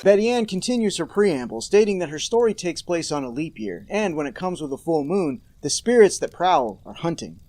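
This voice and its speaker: A man's voice: high-pitched, big pitch swings, a little fast, hardly any pauses, mellow, a little hiss or hum. A man hosting a podcast, recapping a horror episode with sarcastic, mock-outraged asides. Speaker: podcast host.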